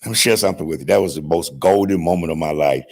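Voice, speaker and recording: Guy giving a graduation speech, husky gravelly voice, big storytelling energy, gets the crowd going. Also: very deep voice, quick pace. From Georgia, USA. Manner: call-and-response with the audience, dramatic swings from hushed to shouting. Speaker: graduation guest speaker.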